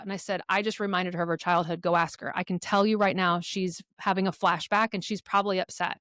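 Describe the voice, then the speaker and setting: A woman's voice: mid-range voice, a little fast, few pauses, no room sound. Give me a frank middle-aged woman guest swearing casually, recorded dry and close. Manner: frank, profane, animated retelling of quotes. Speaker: podcast guest, co-parenting expert. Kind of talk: candid conversational storytelling.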